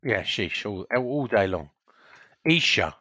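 A man's voice: on the low side, animated, takes it slowly, sharp tone. A man co-hosting a podcast, talking casually in a rambling, hesitant way. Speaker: podcast co-host. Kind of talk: casual chat.

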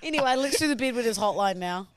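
A woman's voice: on the high side, expressive, quick pace, a little hiss or hum. An Australian woman co-hosting a podcast, teasing and playful. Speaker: podcast co-host. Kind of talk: casual chat.

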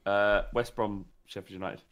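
A man's voice: fairly low pitch, moderate pace. A young man co-hosting a football podcast, bantering with jokes and the odd swear word. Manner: joking, lively, swears. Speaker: podcast co-host.

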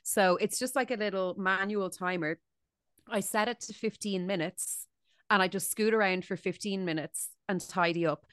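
A woman's voice: medium pitch, moderate pace, fairly bright tone, smooth, no echo, studio quality. Chatty woman podcast host. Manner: chatty and rambling, with many likes and ums. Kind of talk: casual podcast chat.

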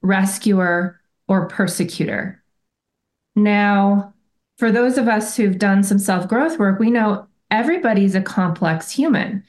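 A woman's voice: mid-range voice, a little slow. A woman guest on a podcast, telling a personal story in a reflective, earnest way and sometimes restarting her sentences. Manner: reflective and earnest, often self-correcting. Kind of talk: conversational interview storytelling.

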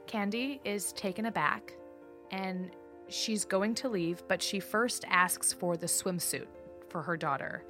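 A woman's voice: mid-range voice, slow, music in the background. A woman co-hosting a podcast, steadily retelling a true-crime case step by step. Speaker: podcast co-host.

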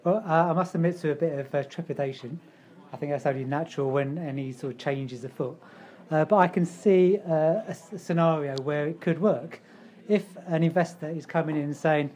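A man giving a measured, articulate opinion on a casual football fan podcast. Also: fairly high pitch, a little mellow. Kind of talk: casual pub podcast chat.

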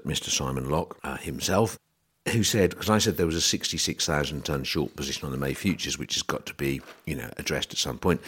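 A man's voice: extremely low pitch, fairly bright tone, breathy edge. A middle-aged man, hosting a podcast and casually explaining grain trading, with wry asides and quoted voices. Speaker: podcast host.

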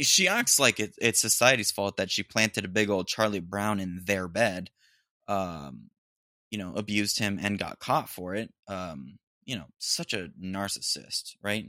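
A man's voice: lowish voice, pushed and bright, dry recording, clean studio sound. A young man hosting a podcast on his own, rambling with lots of ums and restarts and throwing in crude jokes. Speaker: podcast host. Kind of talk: solo podcast rant.

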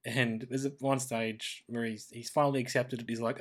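Australian man, podcast co-host, casual chat, mid-pitched, lively tangents. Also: moderate pace. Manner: chatty, animated when quoting characters. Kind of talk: casual chat reviewing a cartoon.

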